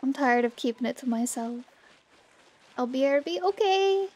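A woman streaming a game and chatting casually with her viewers, bubbly and greeting them by name, with a slightly hoarse morning voice. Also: sits high, lively intonation, normal speed, darkish tone. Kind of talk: casual livestream chat.

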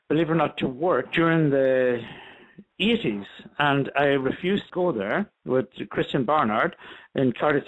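Northern Irish man rambling on a muffled call. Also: mid-range voice. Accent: Northern Irish, with a mixed international tint. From Northern Ireland. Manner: rambling, with many restarts and fillers. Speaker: doctor guest. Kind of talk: casual phone interview.

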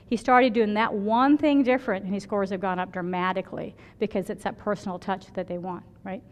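A woman's voice: medium pitch, fairly even intonation, fairly quick, in a large hall. A woman emergency physician giving a conference lecture, telling stories from her work and often checking in with "right?". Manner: chatty, storytelling, keeps asking "right?".

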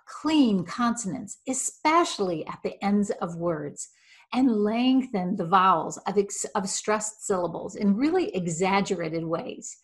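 Middle-aged woman speech coach, clear deliberate diction, mid-pitched, instructional. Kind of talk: instructional video.

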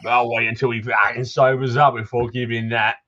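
Guy putting on a cursing grumpy villager, bright edgy voice, accent keeps drifting. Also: medium pitch, little pitch movement, a little fast, muffled recording, close to an everyday voice. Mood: grumbling. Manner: curses constantly, drifting between accents. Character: gruff swearing male townsman. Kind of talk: reading game dialogue aloud.

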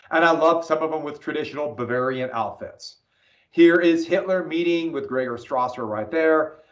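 A male history teacher lecturing an online class from home, rambling and breaking off to check his connection. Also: a little high. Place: home room. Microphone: computer mic on video call. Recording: echoey dull video call audio.

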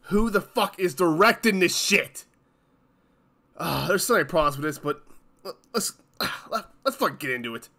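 A man with a high, bright voice rants as the host of his own channel. He swears constantly and hammers each point with exasperated emphasis. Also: expressive, moderate pace. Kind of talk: angry ranting commentary.

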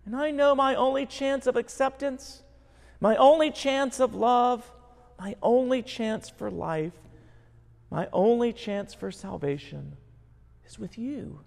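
A man's voice: very high voice, slow, creaky, a little mellow, big-room sound, full character voice. A man voicing a repentant dying criminal who pleads earnestly. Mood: pleading.

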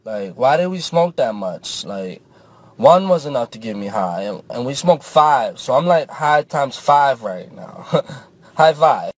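A young man telling a comic story in a casual, profane, animated way, often switching into character voices. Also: medium pitch, unhurried, dry recording. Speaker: comedian.

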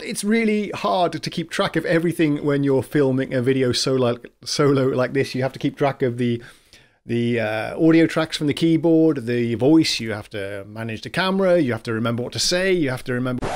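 A man hosting a piano channel, talking casually to camera about his software in a chatty, self-mocking way. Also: medium pitch, brisk.

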